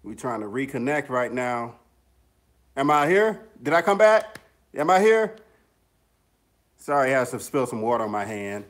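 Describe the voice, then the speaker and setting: Upbeat male streamer with a slightly high voice, loose chatty delivery full of shout-outs. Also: lively intonation, a little slow. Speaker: music producer and YouTuber hosting a livestream. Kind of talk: casual livestream chat greeting viewers. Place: home studio in the mountains.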